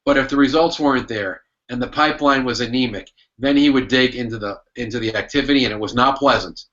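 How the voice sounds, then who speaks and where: A man's voice: medium pitch, fast talker, a bit bright, muffled recording. A man, a sales consultant and author, answering podcast interview questions with emphatic storytelling. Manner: emphatic storytelling, acts out his old manager's lines.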